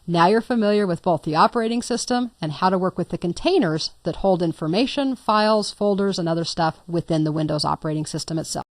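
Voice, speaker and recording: A woman's voice: on the low side, fast talker, hardly any pauses, dry recording, clean studio sound. A woman instructor talking through a computer tutorial step by step, patient and lightly playful. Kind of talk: screen-recorded software tutorial.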